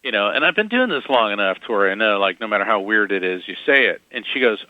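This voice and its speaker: A man guesting on an interview, telling lively anecdotes with quick asides and chuckles. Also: medium pitch, no echo, lo-fi sound. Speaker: guest psychic medium. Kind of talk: casual interview storytelling.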